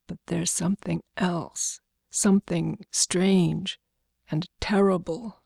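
Gruff tired woodcutter lady, low voice, dry and blunt, read by a woman. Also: steady tone, slow pace, a little mellow, no echo, heavily acted. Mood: grave.

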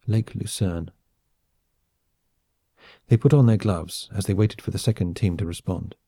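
A deep-voiced man narrates an audiobook from a script, telling the story in a measured, even way. The recording is dry and studio quality.

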